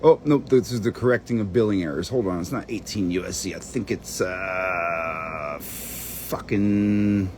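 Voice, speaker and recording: Deep-voiced and darkish in tone, the channel host rambles at a measured pace as he searches on-screen documents. He mutters to himself and curses under his breath in this screen-share monologue, with slight background noise.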